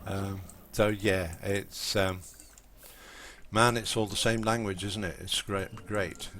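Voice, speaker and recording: English male streamer, low-ish voice, rambling easy chatter to viewers while he plays. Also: fairly even intonation, slow, a bit bright. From Lincolnshire, England. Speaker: game streamer. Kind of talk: casual live-stream commentary.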